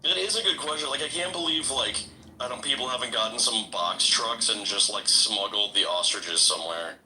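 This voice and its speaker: A man's voice: fairly low pitch, fairly quick, bright, forceful tone, a little hiss or hum, rough recording. A man in a casual group podcast chat who talks in an incredulous way, with lots of "like" and casual swearing.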